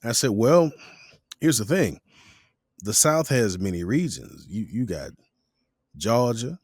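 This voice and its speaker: This is a relaxed male podcast host from Florida with a somewhat low voice. He is recorded dry and close, with no room sound. He sets up his questions patiently, painting the scenario first. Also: a little slow, slightly rough, no echo. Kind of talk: casual podcast conversation.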